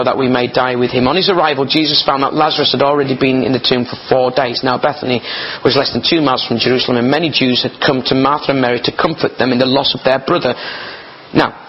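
A man's voice: medium pitch, slightly rough. A man preaching informally, reading scripture aloud and stopping often to comment in a chatty, digressive way. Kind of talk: informal sermon with Bible reading. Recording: slightly dull sound with faint noise.

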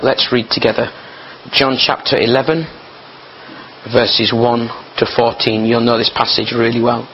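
A man's voice: medium pitch, little pitch movement, unhurried. A man preaching informally, reading scripture aloud and stopping often to comment in a chatty, digressive way. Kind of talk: informal sermon with Bible reading. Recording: slightly dull sound with faint noise.

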